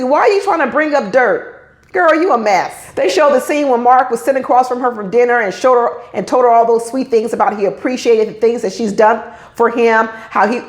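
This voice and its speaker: A woman's voice: fairly high pitch, roomy sound. Sassy woman recapping reality TV. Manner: opinionated, sassy, scolds the cast directly. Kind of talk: casual recap commentary.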